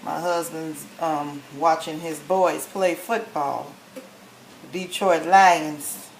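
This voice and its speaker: A woman's voice: low voice, steady tone, takes it slowly. Chatty woman cooking in an echoey kitchen. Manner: chatty, folksy, ends lines with "okay?". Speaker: home cook showing a recipe. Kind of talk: casual cooking demonstration. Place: home kitchen. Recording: echoey kitchen with faint noise.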